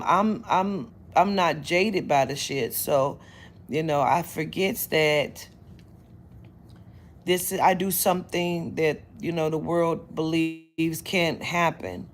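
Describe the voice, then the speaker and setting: A woman reader chatting casually to her viewers, blunt and profane, retelling her day with lively quoted dialogue. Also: deep voice, a little hiss or hum. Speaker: spiritual reader. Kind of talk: casual storytelling to camera.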